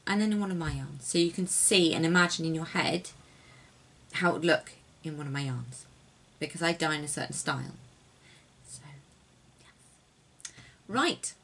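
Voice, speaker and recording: Soft, husky woman chatting. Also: deep voice, normal speed, long pauses. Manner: rambling, softly spoken, drops to near-whispers. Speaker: knitting designer and yarn dyer. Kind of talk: casual chatty craft vlog.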